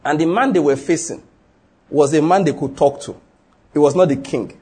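A man's voice: a little high, normal speed, mellow, husky. A man with a Nigerian accent preaching a sermon, emphatic and full of rhetorical questions, acting out the people in his story.

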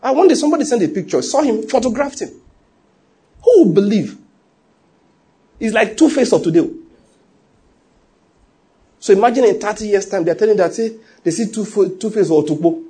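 A man preaching a sermon in an animated way, full of laughing asides and acted-out quotes. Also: high voice, moderate pace, long pauses, husky.

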